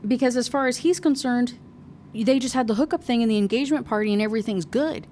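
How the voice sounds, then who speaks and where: A woman's voice: fairly high pitch, quick pace, a little mellow, a little hiss or hum. A young adult woman reviewing a book in a casual rant, sarcastic, exasperated and profane.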